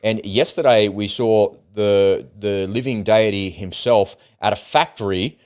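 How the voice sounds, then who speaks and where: A man's voice: lowish voice, unhurried, darkish tone. A man co-hosting a casual livestream, talking bluntly and animatedly, with frequent swearing. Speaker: co-host.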